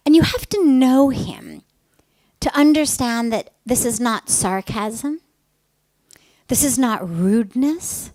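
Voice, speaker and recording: A woman spiritual teacher giving a talk, telling a personal story in an earnest, emphatic way that now and then drops to a soft whisper. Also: a little high, slow, long pauses, low-quality recording.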